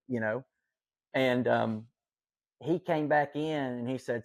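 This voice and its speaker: A man's voice: mid-range voice, takes it slowly, pauses often. A man telling a personal story as a podcast guest, earnest and rambling, with many fillers and self-corrections. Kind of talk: casual storytelling.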